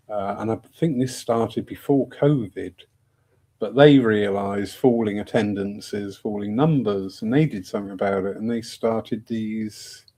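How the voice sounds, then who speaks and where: A man's voice: lowish voice, mellow. Man, evening host, chatty, self-mocking, rambling. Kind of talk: casual rambling talk.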